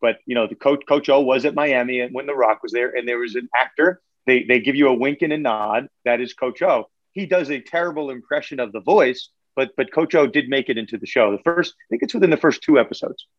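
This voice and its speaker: A man's voice: medium pitch, brisk, hardly any pauses, no room sound, highs cut off. A man co-hosting a casual sports talk show, rambling with many fillers and restarts. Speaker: podcast co-host.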